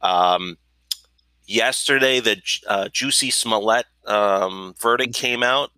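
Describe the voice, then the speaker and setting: A man's voice: lowish voice, slow, sharp tone, clear, resonant tone, no room sound. A man co-hosting a podcast in casual chat, joking and swearing with many fillers. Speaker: podcast co-host.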